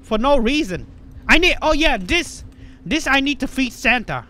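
High, lively, panicky horror gamer. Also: normal speed. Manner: frantic, panicky, swearing a lot. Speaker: gamer playing a horror game. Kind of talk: let's play commentary.

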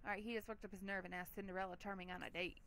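Bright, chatty woman commenting on a game. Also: mid-range voice, little pitch movement, racing. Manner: chatty and giggly, lots of "like". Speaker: let's play host. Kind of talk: casual gameplay commentary.

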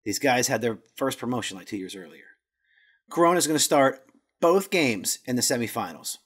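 This podcast host has a husky, mid-range voice that's a bit bright. He goes through his notes casually, with jokey asides and stumbles on Spanish words.

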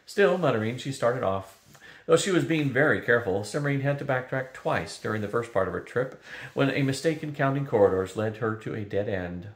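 An older man reading a children's fantasy novel aloud, in a lively storybook manner, in a roomy-sounding recording. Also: mid-range voice, brisk. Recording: roomy echo.

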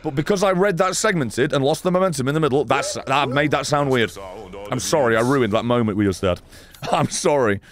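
During a horror game stream, a man swears freely while he plays, joking with his chat and reading their messages in a casual running commentary. His voice is mid-range and brisk.

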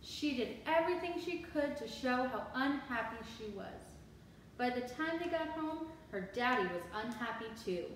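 A woman teacher reading a picture book aloud to children, animated and expressive with asides, heard from far off in an echoey room. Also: a little high, normal speed, slight background noise.

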